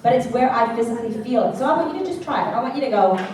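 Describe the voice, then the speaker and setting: A woman's voice: a little high, expressive, rapid-fire, crowd noise. A woman vocal coach teaching a worship singing class, chatty and playful, singing short examples of each point. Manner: demonstrates by singing vocal exercises. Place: classroom or church hall. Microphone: handheld mic. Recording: echoey room from far off, faint background noise.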